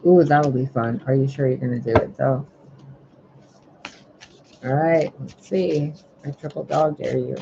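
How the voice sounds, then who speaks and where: Gravelly-voiced man reading oracle cards. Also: mid-range voice, steady tone, a little slow, pauses often, highs cut off, background noise. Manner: musing, playful, talks to the cards. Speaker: tarot and oracle card reader. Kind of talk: livestream card reading.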